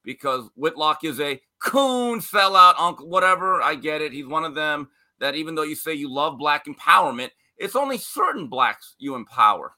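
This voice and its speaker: A male sports writer giving opinionated commentary on a talk show, talking in quick bursts. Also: on the high side, sing-song, pushed and bright. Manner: opinionated, fast bursts, quoting others in put-on voices.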